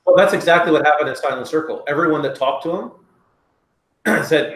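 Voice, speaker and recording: A man's voice: on the high side, brisk, fairly bright tone. A joking male co-host in an echoey room. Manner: joking, teasing banter. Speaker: podcast co-host. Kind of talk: casual chat.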